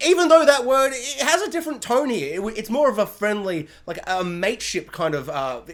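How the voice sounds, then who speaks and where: A reviewer giving a comedic spoiler review, animated and jokey, often acting out characters in silly voices. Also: medium pitch, brisk. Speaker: TV show reviewer.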